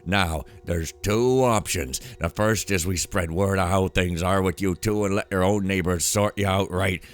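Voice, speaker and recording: A man's voice: low voice, steady tone, moderate pace, soft background music, lightly acted. A man reading out notes in the voice of a crooked male gang boss, coarse, bossy and threatening.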